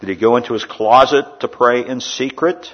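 A man preaching a sermon in a church, rising loud in the story and dropping quiet for asides. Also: mid-range voice, moderate pace, lo-fi sound. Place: indoor air-conditioned church.

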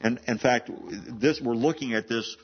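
A man's voice: medium pitch, moderate pace, slight background noise. Man, preacher, sermon, stumbles and repeats words, muffled lo-fi sound. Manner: repeats words and restarts often, conversational. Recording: dull lo-fi sound.

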